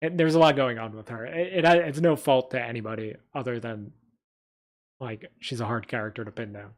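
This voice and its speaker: A man's voice: mid-range voice, fairly quick. Rambling, hesitant male streamer. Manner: rambling and hesitant, with many restarts and fillers. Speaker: streamer and fantasy writer. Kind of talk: casual live-stream chat.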